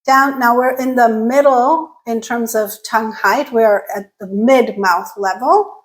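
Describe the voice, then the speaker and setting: A woman teaching English vowel sounds, modelling each sound slowly and repeating example words. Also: on the high side, poor audio. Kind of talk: slow, careful pronunciation lesson.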